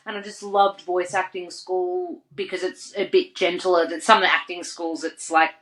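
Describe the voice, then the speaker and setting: An Australian woman on a podcast as a guest, telling lively stories full of "like" and acted-out quotes. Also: on the low side, moderate pace, low-quality recording. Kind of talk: casual interview storytelling.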